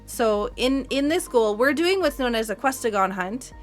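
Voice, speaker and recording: Woman speedrunner, live stream, higher voice, chatty and giggly, faint music bed. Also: expressive, moderate pace. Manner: chatty, laughs often, many fillers. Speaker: speedrun player. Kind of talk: live gameplay commentary.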